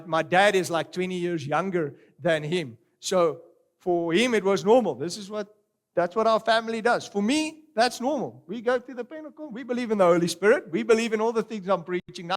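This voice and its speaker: A middle-aged man preaching a sermon, animated and swinging between loud exclamations and quiet storytelling. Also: sits high. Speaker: pastor.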